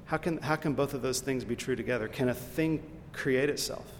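A man's voice: normal speed, hardly any pauses. A man preaching a sermon as pastor, asking the listeners questions and pressing his points with emphasis. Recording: hall reverb, faint rumble.

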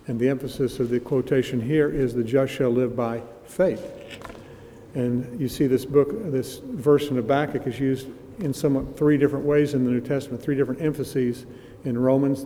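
A man delivers an expository sermon with a mellow, darker tone. He reads scripture with rising emphasis and slows right down on the phrases he wants to stress. His voice carries a long reverb, as if from a church hall. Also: medium pitch. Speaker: preacher. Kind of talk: expository Bible teaching.

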